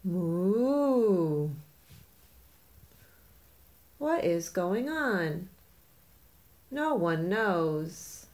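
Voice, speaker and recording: A woman's voice: mid-range voice, very animated, very slow, pauses often. A woman reading a children's picture book aloud in a playful way, slipping into small voices and silly laughs.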